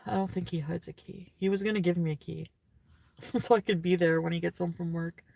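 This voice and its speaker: A woman's voice: on the low side, steady tone, fairly quick, creaky, a little mellow, no echo. Tearful young woman venting in a ramble. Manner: rambling, filler-heavy, sighing and venting. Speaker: vlogger. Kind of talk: rambling casual vlog talk.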